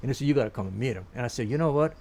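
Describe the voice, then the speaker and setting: A man's voice: mid-range voice, lively intonation, rapid-fire, a little mellow. An older man from Turkey, a Turkish native speaker, telling a long rambling anecdote in an interview with many restarts and laughs. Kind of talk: storytelling anecdote.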